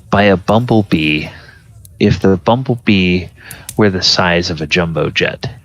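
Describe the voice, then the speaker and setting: A man narrating a tabletop game as game master, in a halting, thoughtful way. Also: sits low, a bit bright. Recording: dull lo-fi recording.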